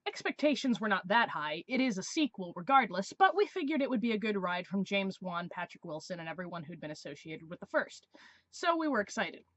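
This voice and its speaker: A woman's voice: mid-range voice, very animated, brisk, fairly bright tone, no echo, highs cut off. A woman in her twenties, a vlogger telling a story in a sarcastic, exasperated way. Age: 20s. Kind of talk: casual storytelling review.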